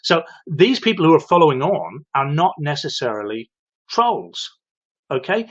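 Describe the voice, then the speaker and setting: A man's voice: fairly high pitch, big pitch swings, moderate pace, husky, dull audio. A man hosting a live-streamed advice talk, explaining patiently and turning to his viewers with "okay?" and direct questions. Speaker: host of a live show for electricians.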